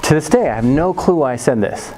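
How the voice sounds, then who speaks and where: A man's voice: a little fast, low-quality recording. A middle-aged man telling a personal story to an audience, acting out the voices with big leaps and laughing often. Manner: animated, acts out quoted voices with big pitch jumps. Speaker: speaker. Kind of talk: storytelling talk.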